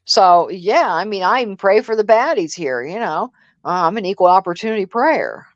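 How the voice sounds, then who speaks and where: A woman's voice: medium pitch, lively intonation, moderate pace, no echo. Woman in her 60s, sassy and profane, casual commentary chat, dull dry lo-fi sound. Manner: blunt, sassy and profane, acting out quoted dialogue. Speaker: co-host of a commentary live stream.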